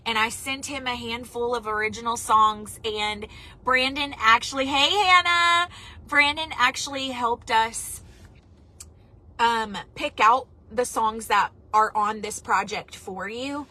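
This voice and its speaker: A woman's voice: a little high, fairly even intonation, a little slow, bright, forceful tone, low-quality recording. A middle-aged woman, chatting casually on a livestream and reading viewer comments aloud. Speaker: singer hosting a livestream album listening party.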